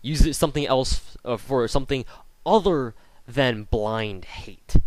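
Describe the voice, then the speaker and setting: A man's voice: medium pitch, measured pace, no echo. A young man ranting angrily and sarcastically at his commenters, swearing often in a casual vlog commentary. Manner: angry, profane, sarcastic ranting. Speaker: YouTuber. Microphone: off-camera voice recording.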